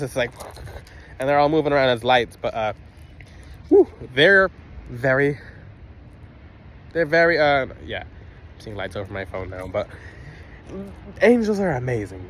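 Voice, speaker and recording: A man's voice: on the high side, slight background noise. A man casually talking to a phone camera outdoors, emphatic and rambling, with frequent restarts. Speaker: spiritual video host.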